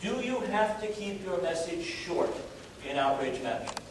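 A man lectures to a roomful of listeners in a wry, chatty way, full of fillers and restarts. His voice sits a bit high and reaches a distant mic through a very echoey room. A steady hiss of noise runs underneath. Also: moderate pace. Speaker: lecturer on risk communication. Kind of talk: live lecture to an audience.

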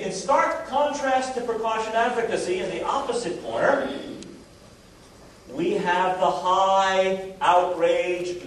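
A man lectures to a roomful of listeners in a wry, chatty way, full of fillers and restarts. His voice sits a bit high and reaches a distant mic through a very echoey room. A steady hiss of noise runs underneath. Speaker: lecturer on risk communication. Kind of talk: live lecture to an audience.

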